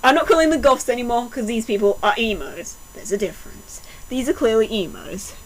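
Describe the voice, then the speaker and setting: A woman with a high, bouncy voice reads a badly written story out loud for laughs. She slips between mock-dramatic reading and dry, sarcastic asides. Her pitch swings widely, and she keeps up the jokey commentary throughout. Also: animated, fairly quick, a little hiss or hum, poor audio. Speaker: fanfiction reader. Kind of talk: comedic mocking read-aloud.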